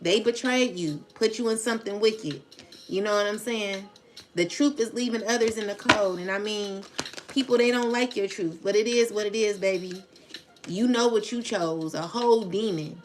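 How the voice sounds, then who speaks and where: A woman's voice: mid-range voice, moderate pace, slight background noise. A woman reading tarot for viewers in a casual spoken vlog, talking in a rambling, blunt and profane way. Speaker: tarot reader addressing viewers.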